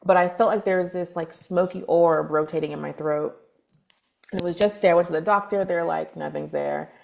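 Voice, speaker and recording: A woman guest on a podcast, telling a personal story in a loose, animated way and acting out what others said. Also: fairly low pitch, fairly quick, gravelly. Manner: animated, acts out quoted dialogue with laughs; loose, filler-heavy talk with restarts. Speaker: guest, spiritual advisor. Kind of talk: casual storytelling interview.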